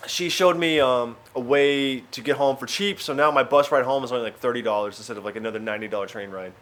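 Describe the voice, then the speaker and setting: A male comedian from Arkansas, telling travel stories in casual, animated vlog narration. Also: medium pitch. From Arkansas, USA. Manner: chatty, animated storytelling with filler words.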